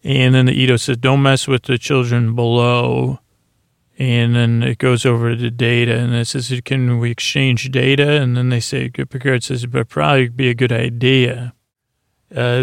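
A man hosting a podcast, softly recapping a TV episode at bedtime in a meandering way that is full of restarts. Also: creaky, no room sound, clean studio sound. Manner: soft, low-key delivery. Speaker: podcast host.

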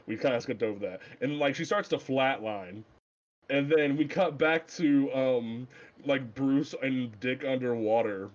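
A man co-hosting a casual comic book podcast, animated and swearing freely as he recaps scenes. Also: measured pace, dull audio. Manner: animated, swears freely, acts out quotes in a low voice. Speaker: podcast co-host.

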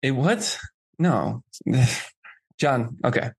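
A man's voice: medium pitch, big pitch swings, very slow, creaky, slightly rough. A man co-hosting a podcast in casual chat, protesting defensively when he is teased. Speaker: podcast co-host.

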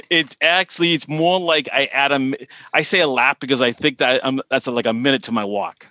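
A man's voice: medium pitch, brisk, sharp tone, dry recording. A man with a Boston accent, a podcast guest telling stories in a rambling way and often repeating words. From Boston area. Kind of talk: casual chat.

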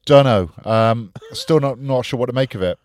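A man's voice: medium pitch, moderate pace, a little mellow, no room sound. A man co-hosting a casual chat, teasing his friend with short quips. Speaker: podcast co-host.

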